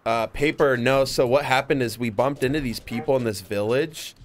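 A man of Greek family co-hosting a live gaming stream, swearing and laughing a lot as he tells stories, sometimes breaking into high mock voices. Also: normal speed. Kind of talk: casual live-stream chat.

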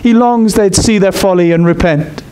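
A male preacher with a fairly high voice gives an expressive sermon. He pushes his pitch upward when he presses a point, then settles back down to explain. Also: moderate pace, clean tone.

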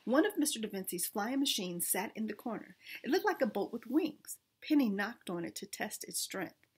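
A woman reading a children's storybook aloud in first person, expressive, with small restarts. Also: medium pitch, normal speed, husky.

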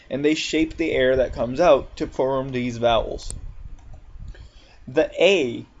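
A man teaching English pronunciation in a recorded lecture, speaking deliberately and drawing out each example word. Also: a little high, darkish tone. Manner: slow, deliberate, drawn-out example words. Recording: slightly dull lo-fi recording.

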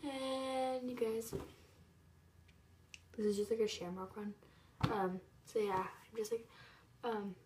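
A woman's voice: fairly high pitch, steady tone, slow, pauses often, noisy background. A teenage girl vlogging at home at night. She rambles loosely, piles up fillers and drifts into half-whispers. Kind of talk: casual nighttime vlog.

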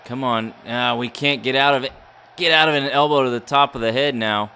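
Gaming YouTuber, male, mock ring-announcer play-by-play, bright and punchy, excitable. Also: medium pitch, fairly quick, clear, resonant tone. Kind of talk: play-by-play game commentary.

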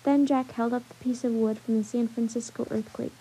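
A woman reading a children's chapter book aloud as storyteller, in a steady, gentle way. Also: on the high side, brisk, breathy edge, rough recording.

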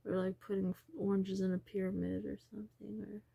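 Husky woman rambling in a dry room. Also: medium pitch, level tone, a little fast, warm tone, dry recording, muffled recording. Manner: wandering, trails off and drops into whispers. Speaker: vlogger. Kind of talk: rambling personal vlog.

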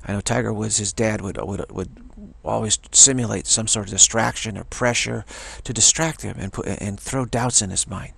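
Gravelly low-voiced man giving a pep talk. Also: fairly even intonation, normal speed, hardly any pauses, a bit bright, a little hiss or hum. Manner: emphatic, repeats phrases for stress. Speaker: teacher of a self-development practice. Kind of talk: motivational talk.

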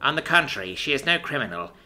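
A poised, formal alien princess envoy, voiced by a male storyteller, speaking with firm courtesy in a raised pitch. The delivery is bright and swings across a wide range. It is a storybook voice. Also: huge pitch swings, brisk, faint music behind, full character voice.

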